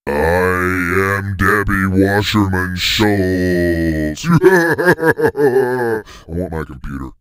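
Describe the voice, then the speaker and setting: A man putting on a slowed-down, gravelly mock politician voice with a pitch-lowering audio effect. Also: expressive, a bit bright, dry recording, full character voice. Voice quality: gravelly, drawn-out slow-motion effect. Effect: slowed pitch-shifted audio effect.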